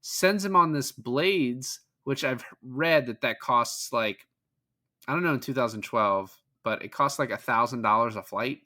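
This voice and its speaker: A man's voice: medium pitch, a little slow, sharp tone. A man co-hosting a podcast, recapping a film scene by scene in loose, profane, casual chat. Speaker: podcast co-host.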